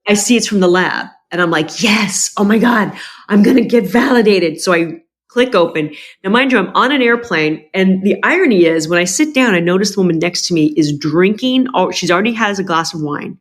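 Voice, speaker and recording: This woman talks briskly with few pauses in a lowish voice while being interviewed for a podcast. Her personal story comes out frankly and emotionally, with many restarts, and she animatedly performs her family's quoted words in a raised voice.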